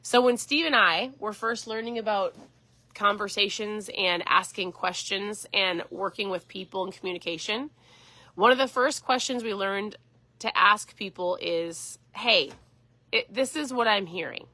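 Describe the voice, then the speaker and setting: Middle-aged woman host, casual livestream chat, bright and upbeat, close dry sound. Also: medium pitch, a little slow, no room sound. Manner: chatty, enthusiastic, acts out dialogue.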